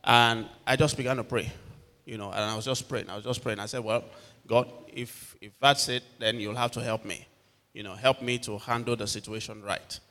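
A man's voice: mid-range voice, normal speed. Preacher man in an echoing hall. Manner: animated storyteller acting out quotes. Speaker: pastor. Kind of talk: sermon with personal stories. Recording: long hall reverb.

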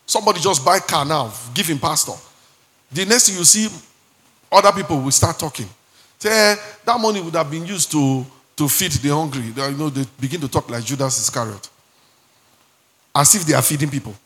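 A man with a Nigerian accent preaching a sermon as pastor, animated and dropping into Pidgin asides and acted-out quotes. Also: fairly high pitch, brisk. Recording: long hall reverb.

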